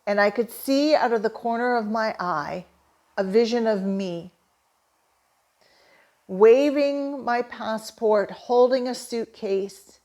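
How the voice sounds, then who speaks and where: Canadian lady telling her story, heartfelt and excited, kinda high voice. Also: slow pace. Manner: earnest, enthusiastic, emotional. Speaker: holistic therapist and manifesting coach. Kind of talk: personal storytelling to camera.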